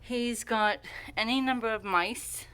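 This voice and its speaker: A woman's voice: on the high side, measured pace, fairly bright tone, clean tone. A young woman at home chatting casually to the camera while playing with her cat, teasing and cooing at him. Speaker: cat owner filming her pet.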